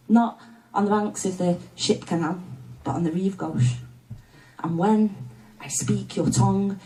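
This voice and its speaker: Mancunian woman doing spoken word at a live gig, dark low voice, sounds a bit far off. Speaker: poet. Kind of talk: spoken word poetry performance. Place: live music studio venue. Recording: distant live room sound.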